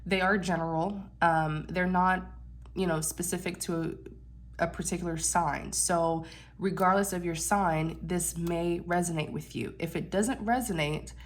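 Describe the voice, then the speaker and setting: A woman with a nasal, congested voice giving a channeled tarot reading, gentle and reassuring with many fillers and restarts. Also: on the low side, fairly even intonation, unhurried, slight background noise. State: unwell, congested. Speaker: tarot reader.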